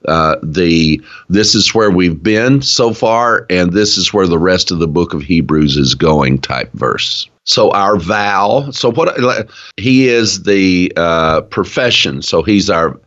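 A man with an East Tennessee accent co-hosting a casual Bible study, talking in an earnest, drawn-out preaching cadence. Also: deep voice, expressive, fairly bright tone. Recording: dull lo-fi sound.

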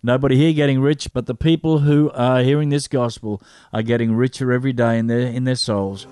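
A man's voice: mid-range voice, steady tone, a little fast, darkish tone, clear, resonant tone, no room sound, clean studio sound. A man hosting a gospel podcast, reading out supporters' names and home towns with playful jokey asides. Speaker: podcast host.

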